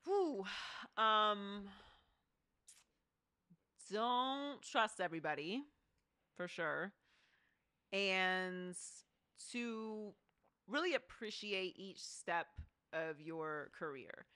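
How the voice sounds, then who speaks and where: A woman's voice: mid-range voice, animated, very slow, pauses often, sharp tone, smooth. A woman from Pittsburgh, a sports TV host, talking candidly as an interview guest with casual swearing. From Pittsburgh, USA.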